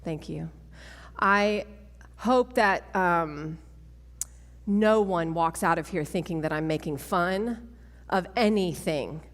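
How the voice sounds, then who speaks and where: A woman, giving a testimony talk at a women's church event, animated and self-mocking, laughing often. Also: fairly low pitch, slow pace, pauses often. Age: 40s. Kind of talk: sermon-style testimony talk. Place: large church hall. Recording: long church hall reverb.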